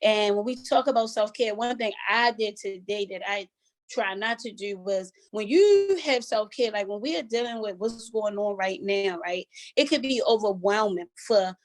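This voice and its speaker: A woman's voice: medium pitch, normal speed. A middle-aged woman hosting a casual motivational talk, speaking earnestly and conversationally and calling her listeners y'all.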